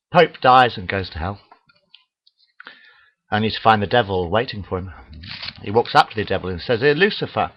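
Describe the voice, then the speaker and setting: A man's voice: lowish voice, a little slow, long pauses. A man telling crude jokes in a rambling, casual monologue into a webcam, full of "uh" fillers. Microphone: webcam mic. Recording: dull lo-fi webcam audio.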